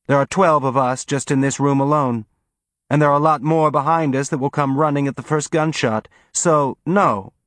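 A man's voice: fairly high pitch, takes it slowly, few pauses, breathy edge, no echo, voice pushed up, full character voice. Man putting on a stern defiant woman. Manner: flat, unbothered refusal. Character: stern pizza-eating woman, armed, defiant.

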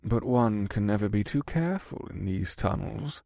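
A man's voice: fairly low pitch, expressive, normal speed, gravelly, no room sound, clean studio sound. A man voicing a foppish, grey-skinned horned rogue who talks in an effeminate, dismissive way in an audiobook. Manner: effeminate, dismissive, soft-spoken. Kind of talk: audiobook character voice.

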